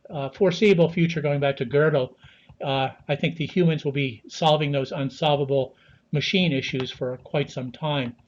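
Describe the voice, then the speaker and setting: An American man answering interview questions at a measured pace, with many fillers and restarts, heard over a video call. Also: medium pitch, muffled recording. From United States. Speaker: guest analyst.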